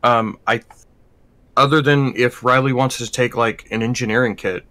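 A man's voice: medium pitch, steady tone, moderate pace, pushed and bright. A man playing a tabletop role-playing game, chatting casually and often trailing off mid-thought. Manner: hesitant, trailing off. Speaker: player.

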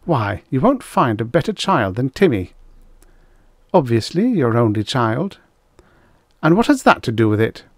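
A man's voice: mid-range voice, big pitch swings, measured pace, long pauses, no echo, studio quality, voice pushed up. A man voicing an indignant, defensive middle-aged housewife who snaps back sharply. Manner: indignant, snappish.

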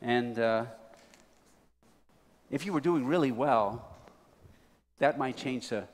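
A man's voice: mid-range voice, slow pace, long pauses. A man preaching a sermon, telling a folksy story to a congregation. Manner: folksy, building to excited. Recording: reverberant hall.

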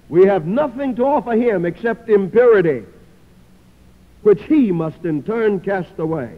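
A male preacher giving a sermon, swinging from loud declarations to hushed pleas. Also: a little high. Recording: phone-like old recording with long hall reverb.

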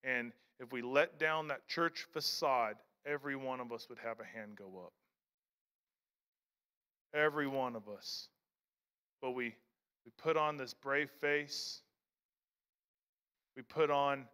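A man's voice: mid-range voice, slow, long pauses, bright, forceful tone, smooth, in a large hall. A man preaching a sermon as pastor in a church, talking in a conversational way with repeated phrases and restarts. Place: church sanctuary.

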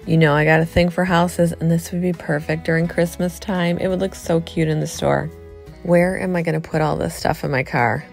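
A middle-aged woman chatting excitedly to viewers as she shops a thrift store, filming on a handheld phone. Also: low-pitched, normal speed, gravelly, faint music behind. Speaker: vlogger. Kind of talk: casual thrift-store vlog chat.

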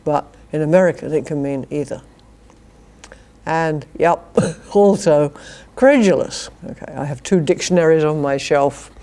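A low, mellow voice belongs to an older woman from Britain with a British English accent, speaking a little slowly. She's a philosophy professor addressing a university society, her lecture sprinkled with dry humour and chuckling asides.

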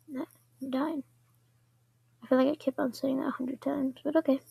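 A woman giving casual commentary over her own gameplay, chatting to herself and often dropping into quiet whispers. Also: high voice, fairly even intonation, a little slow, vocal fry, pauses often, no room sound.

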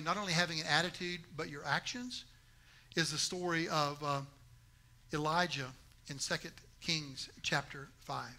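A male pastor preaching a sermon, animated and conversational, acting out quoted voices and making jokey asides to the congregation. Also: high voice.

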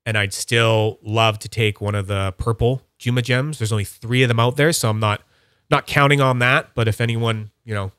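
A man's voice: steady tone, normal speed, a bit bright, clear, resonant tone, no room sound. A man hosts a laid-back livestream, chattering with easy enthusiasm. His voice sits mid-range, and the sound is dry and close, with no room around it. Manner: rambling, enthusiastic, puts on high voices for quotes. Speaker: livestream host. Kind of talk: casual livestream chat.

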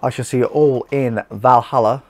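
A man's voice: medium pitch, fairly even intonation, normal speed. An Australian man hosting a casual beer-tasting vlog, chatty and blunt, with slang and swearing.

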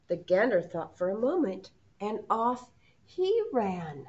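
A preschool teacher reading a storybook aloud to children, asking them questions along the way. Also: female voice, medium pitch, slow. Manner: expressive, asks the children questions. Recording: muffled lo-fi sound.

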